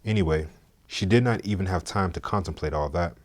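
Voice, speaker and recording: A man narrating a story in a steady, measured, scripted way. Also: sits low.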